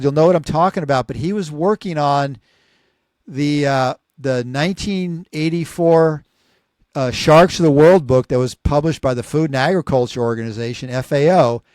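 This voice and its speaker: Casting: man in his 60s, fairly high voice, dry close sound, animated rambling storyteller. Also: no room sound. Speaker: podcast co-host. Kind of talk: casual storytelling.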